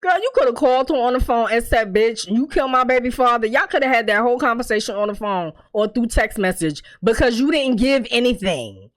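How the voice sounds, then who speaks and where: A woman with a slightly high voice rants through a TV episode recap, blunt, profane and animated. She talks straight to her viewers and laughs often between points. It is loose, opinionated chat. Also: brisk, few pauses. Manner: laughs often while talking. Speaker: TV recap reviewer. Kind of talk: casual, opinionated recap talk.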